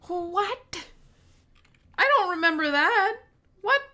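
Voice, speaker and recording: A woman voicing an excitable teenage girl who sounds jumpy and high-strung. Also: slow, exaggerated voice. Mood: shocked.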